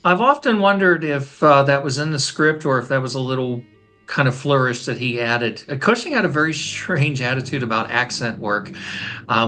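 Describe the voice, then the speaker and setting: A man guesting on a film podcast, talking knowledgeably in a measured way with hesitant fillers. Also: medium pitch, bright, forceful tone. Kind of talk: casual film discussion.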